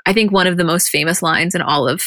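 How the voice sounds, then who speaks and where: A young woman co-hosting a podcast, casually recapping a reality show with animated storytelling and plenty of swearing. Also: lowish voice, fast talker, no echo, clean studio sound. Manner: animated storytelling, quoting others in put-on voices, frequent swearing. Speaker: podcast co-host recapping episodes. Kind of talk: casual chat.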